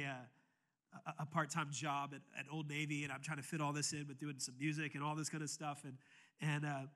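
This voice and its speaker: A young man preaching in church with a very bright, forward voice that sits a little high. He tells his story casually, stumbling and restarting often, then rises to fervent, shouted exhortation. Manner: conversational storytelling with many restarts, building to impassioned shouting. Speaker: pastor. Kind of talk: sermon with personal story. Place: church sanctuary.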